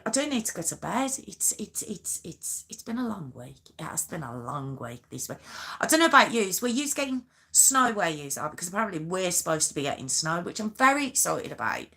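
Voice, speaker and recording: A woman's voice: mid-range voice, vocal fry, sharp tone. A woman hosting a live stream, chatting casually with viewers in a giggly, self-mocking, rambling way. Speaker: true crime live-stream host.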